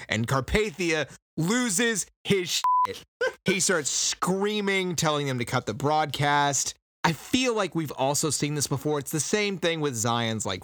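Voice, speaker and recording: A man's voice: mid-range voice, no room sound, studio quality. A man casually recapping a book on a podcast, sarcastic, acting out the characters in mocking voices. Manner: sarcastic, animated storytelling with mocking quoted voices. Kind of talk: casual chat.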